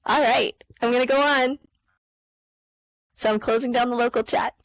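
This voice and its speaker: A woman giving an online science lesson in a relaxed, conversational way. She fills gaps with ums, catches and corrects herself mid-sentence, and keeps talking straight to her students. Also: fairly high pitch, moderate pace, no echo, poor audio. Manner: chatty, many ums and self-corrections. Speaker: science teacher. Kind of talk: live online lecture.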